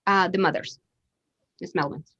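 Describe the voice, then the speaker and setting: A woman's voice: fairly low pitch, steady tone, bright, forceful tone, husky, no room sound. Woman attorney questioning over dull video call. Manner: measured, hesitant with frequent fillers.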